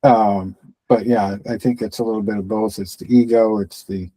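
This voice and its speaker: A man's voice: lowish voice, fairly even intonation, moderate pace, dark tone, rough recording. A man co-hosting a fight-sports podcast, chatting casually and rambling with lots of fillers. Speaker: podcast co-host.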